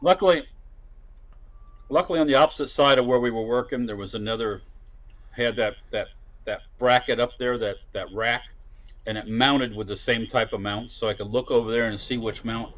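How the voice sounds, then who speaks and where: Man, mid-pitch, stumbling repeats, muffled remote sound. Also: fairly bright tone. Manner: halting, repeats words. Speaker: podcast co-host. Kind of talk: casual chat.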